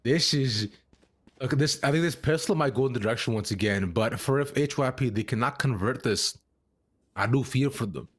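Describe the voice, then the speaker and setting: A man's voice: medium pitch, normal speed, husky. A man co-casting a live esports match, hyped and playful, joking with slang and stretching words for emphasis. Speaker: esports co-caster. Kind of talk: live color commentary, casual banter.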